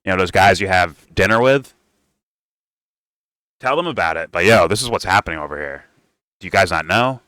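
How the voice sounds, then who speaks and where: A man's voice: deep voice, expressive, normal speed, long pauses, sharp tone, no echo. A man hosting a casual reaction commentary, heated, sarcastic and profane. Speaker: political commentator.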